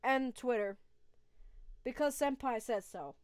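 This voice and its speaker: A woman's voice: fairly high pitch, a little slow, no echo, clean studio sound. A woman streaming a video game live, reacting aloud to the play and chatting with her viewers. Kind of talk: live gaming stream chat.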